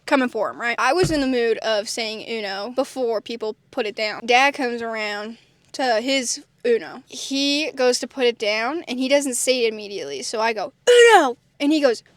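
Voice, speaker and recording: A young woman casually telling a family story and jumping way up in pitch when she quotes people. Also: normal speed, dry recording. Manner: animated, jumps high when quoting others.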